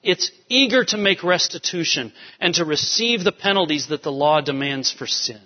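A pastor preaching a sermon with emphatic, rising urgency. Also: male voice, on the high side, lively intonation, moderate pace. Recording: dull sound with long hall reverb.

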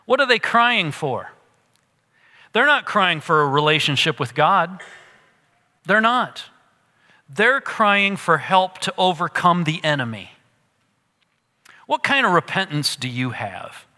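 A man preaching a sermon, animated at times and dropping to a hush for emphasis. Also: on the high side, slow pace, long pauses, big-room sound. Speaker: pastor.

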